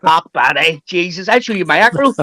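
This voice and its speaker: Man in his forties, high voice, dry sound, teasing banter, repeats lines. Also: animated, a little fast, bright, forceful tone, dry recording, low-quality recording. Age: 40s. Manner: teasing, repeats himself, swears. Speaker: live chat guest. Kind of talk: rowdy casual banter.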